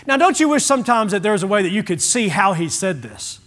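Pastor, high voice, folksy, animated sermon that drops to a hush. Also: male voice, fast talker. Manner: animated, folksy, shifts from loud to hushed.

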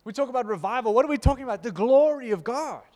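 A man with a high voice preaches to his congregation, swinging from hushed, intimate passages to loud, fervent ones. His voice rings out with a long reverb tail in a big church hall. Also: lively intonation, fast talker. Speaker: pastor. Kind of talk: sermon.

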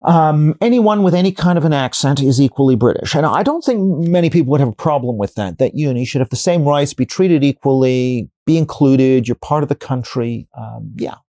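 A man speaks in a mellow, unhurried timbre, recorded dry and close with no room sound. He is a professor giving a long interview answer, reasoning aloud through examples and hypotheticals. He often stops and restarts a sentence while shaping the next point. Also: medium pitch, expressive, dry recording. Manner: explanatory, builds arguments with examples and hypotheticals; frequent restarts and fillers while thinking.

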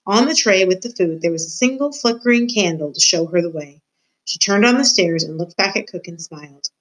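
A woman teacher reading a novel aloud to her students, expressive and addressing the reader directly. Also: on the low side, fairly quick, low-quality recording. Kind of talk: read-aloud storytelling.

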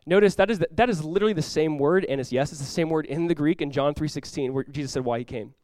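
A man, a pastor, preaching a sermon in an animated way, acting out voices with sudden loud bursts. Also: fairly high pitch, fast, few pauses, no room sound.

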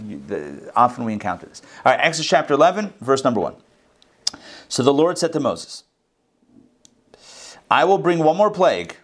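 A man giving an informal scripture lesson as a Bible teacher, talking conversationally and dropping jokey asides. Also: medium pitch.

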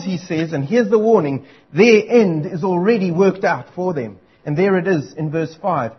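A man delivers an earnest, urgent sermon, repeating his key lines for weight. His voice sits high and a little husky. The recording is dull and lo-fi. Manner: earnest, urgent preaching with emphatic repetition. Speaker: preacher.

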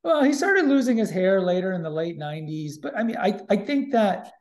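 A man's voice: sits high, lively intonation, a little fast, darkish tone. A man hosting a podcast in casual chat, opinionated and emphatic, often repeating himself. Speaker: podcast host.

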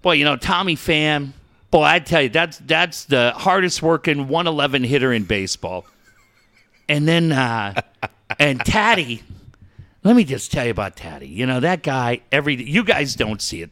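A man's voice: medium pitch, expressive, normal speed, pushed and bright. A man playing a folksy male team executive who rambles through a glib, mock-sincere injury update.

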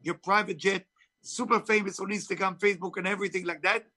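Talking fast in a high, steady, sharp-toned voice, this man is an author and spiritual teacher being interviewed. He has a heavy foreign accent and speaks emphatically and preachily, with non-native phrasing.

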